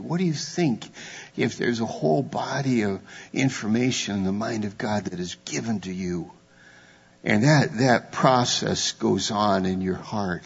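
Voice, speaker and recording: A man's voice: fairly low pitch, gravelly, breathy edge. A man preaching a sermon, asking the listeners question after question and building to fervent exclamations. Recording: echoey hall, dull lo-fi sound.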